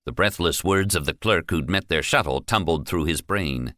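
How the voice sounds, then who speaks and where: A man narrating an audiobook in a deep, lively voice. His tone is bright and forceful. The recording is dry and close. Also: moderate pace, few pauses, dry recording. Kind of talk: scripted narration.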